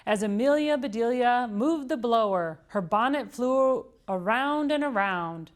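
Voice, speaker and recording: A woman reading a children's storybook aloud at storytime, in clear, gentle narration. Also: on the high side, lively intonation, measured pace. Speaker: storytime reader.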